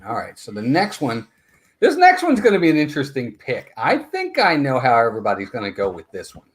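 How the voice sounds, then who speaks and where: Host, male, lively pitch, chatty live-stream banter, counts votes aloud. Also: fairly quick. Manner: animated, counts votes aloud, greets viewers. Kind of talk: casual live-stream chat.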